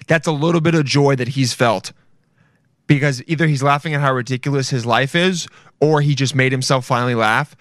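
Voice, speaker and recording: A man's voice: medium pitch, a little fast, a bit bright, slight background noise. A young man giving casual, profane, mocking commentary while reacting to a video, rambling as he goes.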